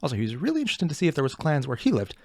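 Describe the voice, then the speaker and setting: Rambling, swearing man doing casual reaction commentary; slightly high, very lively pitch. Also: rapid-fire, dry recording, studio quality. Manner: rambling, self-interrupting, swearing. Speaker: reaction video host.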